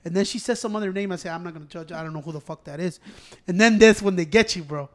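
High-voiced, foul-mouthed man telling a story. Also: fast talker. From United States. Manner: profane, animated, switches between English and Spanish. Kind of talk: casual storytelling among friends.

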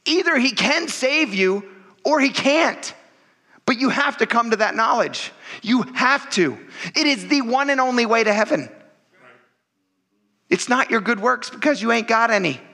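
A pastor preaching a sermon in a conversational, joking and emphatic way, often checking in with the congregation. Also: male voice, very high-pitched, animated, a little slow, sharp tone.

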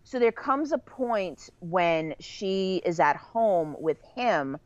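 A woman with a fairly low voice talks through a film plot at length for her co-host, in a casual, conversational way. She often slows down to stress a point, then speeds up again. The sound is close and dry, with no room echo. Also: lively intonation, highs cut off. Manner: long, detailed plot recaps. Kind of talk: casual movie discussion.

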